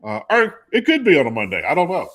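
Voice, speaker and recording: A man hosting a casual talk show, chatting and asking his co-host questions in a lively way. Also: a little high, fast. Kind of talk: casual chat.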